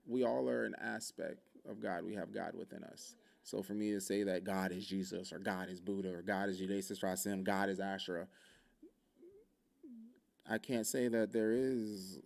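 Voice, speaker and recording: A man's voice: on the low side, creaky, darkish tone. A man hosting his own podcast, talking frankly and rambling, with heavy swearing and candid personal stories. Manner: rambling with self-interruptions. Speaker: podcast host. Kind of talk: casual solo podcast talk.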